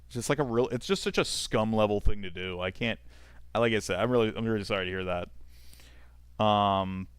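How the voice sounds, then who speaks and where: A man's voice: on the low side, moderate pace, clean tone, no room sound. A man streaming a game, chatting casually and swearing often as he reads chat aloud and rambles. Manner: profane, rambling, talks to chat.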